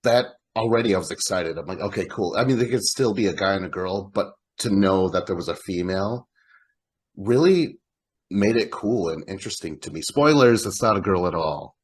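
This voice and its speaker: Husky-voiced man chatting about films. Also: sits low, expressive, brisk. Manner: laid-back, swears, laughs often. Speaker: podcast co-host. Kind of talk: casual movie discussion.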